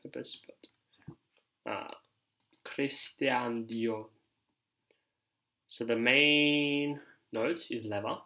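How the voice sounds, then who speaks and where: A man reviews fragrances in a loose, meandering chat. He talks slowly, with plenty of fillers and side remarks. His voice has a bright, forward tone. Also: mid-range voice, fairly even intonation, poor audio. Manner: loose, filler-heavy, reads reviews aloud. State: ears ringing after a shower. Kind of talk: casual rambling chat.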